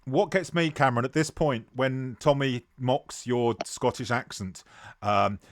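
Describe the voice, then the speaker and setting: A man running a tabletop role-playing game as game master, narrating scenes in an unhurried way with many fillers. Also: mid-range voice.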